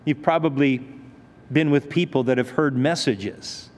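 A man's voice: medium pitch, a little slow, a little mellow. A male pastor teaching a sermon in a conversational way, posing rhetorical questions to his listeners. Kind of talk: expository sermon. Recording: reverberant hall.

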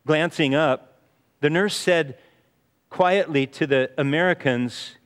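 A man delivers a sermon in an earnest, storytelling manner and keeps coming back to "you see". His voice sits on the high side, and he takes his time. The sound rings with the long echo of a large hall. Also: takes it slowly, clear, resonant tone. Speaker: pastor. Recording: reverberant hall.

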